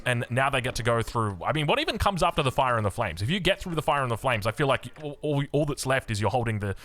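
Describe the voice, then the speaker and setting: A fast-talking young Australian man calling a strategy game, with a voice that leaps up and down as he goes. He chats along easily, drifting into rambling side stories between plays. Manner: chatty, rambling asides, lively swings in pitch. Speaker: game caster. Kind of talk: energetic esports commentary.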